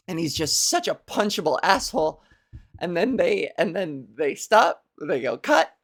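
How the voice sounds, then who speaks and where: A woman's voice: fairly low pitch, very animated, unhurried, husky. Rambling foul-mouthed woman comedian. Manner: rambling, profane, laughs at own jokes. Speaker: podcast host and comedian. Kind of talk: casual comedic monologue.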